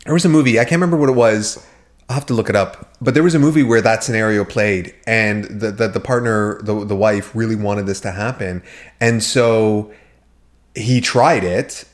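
A man co-hosting a podcast, telling rambling, profane stories in casual chat with many restarts. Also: lowish voice. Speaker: podcast co-host.

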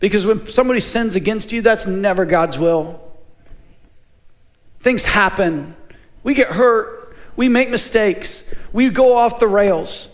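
A man's voice: sits high, measured pace. A man preaching a sermon as a pastor, in a conversational way that keeps asking the congregation questions.

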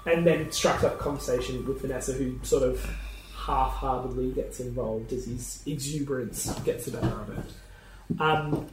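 A man's voice: medium pitch, steady tone, moderate pace. A man running a tabletop game as game master, narrating with a chatty, laughing manner and many ums. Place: room shared with players around a table. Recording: echoey room, mic at a distance, faint noise.

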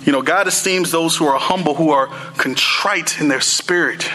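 A man's voice: fairly high pitch, moderate pace, pushed and bright, rough recording. A young man preaching a sermon in a casual, conversational way, full of "you know" and "like".

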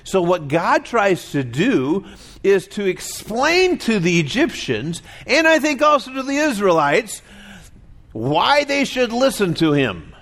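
Lively high-voiced male preacher. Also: slow pace. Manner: conversational preaching, acts out voices in quotes. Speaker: pastor. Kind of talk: sermon.

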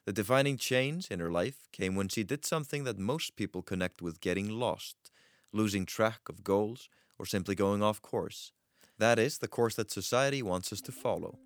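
A man narrating a short documentary profile in a measured, scripted way. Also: on the low side, no room sound. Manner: measured storytelling.

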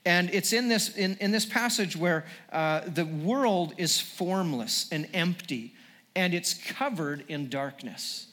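High-voiced earnest male pastor preaching. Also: takes it slowly, fairly bright tone, in a large hall. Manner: earnest, repetitive restarts, building emphasis. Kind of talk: sermon.

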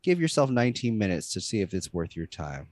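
A man's voice: fairly low pitch, big pitch swings, fairly quick, darkish tone, dry recording, clean studio sound. A man co-hosting a casual chat about a show, rambling and trailing off mid-sentence. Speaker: podcast co-host.

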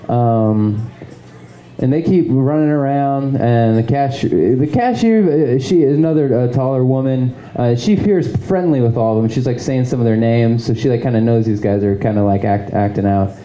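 A man telling a story live on stage, in a very dark, mellow voice. He rambles with plenty of fillers and restarts, chuckling at his own tale. The room rings with echo around him. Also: medium pitch, normal speed. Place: live show in a small venue.

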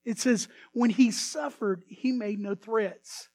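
A man preaching a sermon as pastor, swinging between hushed asides and sudden loud bursts. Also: high-pitched, slow, dry recording.

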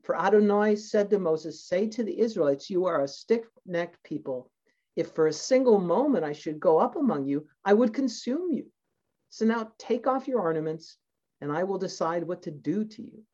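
A man reading scripture aloud and explaining it in a reflective sermon, pausing often with fillers and restarts. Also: high-pitched, lively intonation, dark tone, lo-fi sound. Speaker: Bible teacher.

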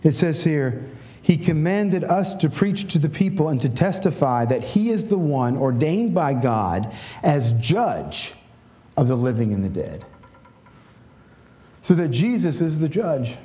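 A man's voice: on the high side, very animated, unhurried, warm tone. A middle-aged male pastor giving a conversational sermon, often checking in with "right?" and leading a prayer.

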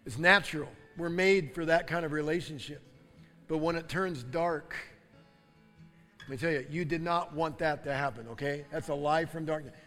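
A high, bright-voiced male preacher declaring with fervent intensity, his lines swelling into loud proclamations. His voice rings through a large church hall with long reverb, and soft guitar music plays behind him. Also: normal speed. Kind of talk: sermon with ministry prayer.

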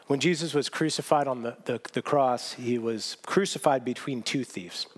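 A man's voice: medium pitch, moderate pace. A man preaching a sermon as pastor, earnest and emphatic, repeating key phrases and often restarting sentences.

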